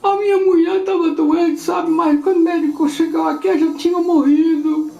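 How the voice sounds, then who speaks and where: Brief: woman doing a plaintive, grieving old man, raised pitch, echoey live room. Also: steady tone, fairly quick, vocal fry, mellow.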